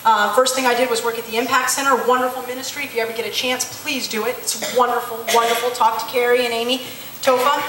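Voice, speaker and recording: A fairly high-pitched woman in her late twenties gives her church testimony as a missionary. She speaks candidly, with many ums, and acts out the conversations she recalls. The voice comes from a distance in an echoey hall with a faint hum underneath. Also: steady tone, fast talker, fairly bright tone. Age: late 20s. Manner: candid storytelling, acts out dialogue, frequent ums. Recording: echoey hall, heard from far off.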